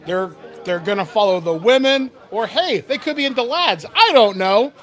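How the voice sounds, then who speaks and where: A boisterous little gnome barkeep, bawdy and laughing, with a high voice, as a man puts him on. He sounds rowdy, and faint music plays behind him. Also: lively intonation, moderate pace, a bit bright, some chatter behind. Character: jolly crude gnome barkeep, male, small.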